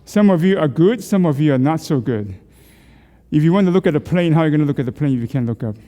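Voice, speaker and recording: A man's voice: fairly high pitch, animated, quick pace, dark tone, in a large hall, highs cut off. A middle-aged man leading a group through neck exercises. He coaches, asks questions and jokes with the class. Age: middle-aged or older. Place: church hall.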